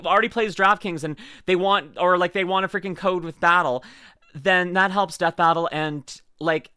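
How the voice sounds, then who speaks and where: A streamer giving a casual reaction commentary, rambling and excitable with lots of fillers and laughter. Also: mid-range voice, dry recording. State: tearing up.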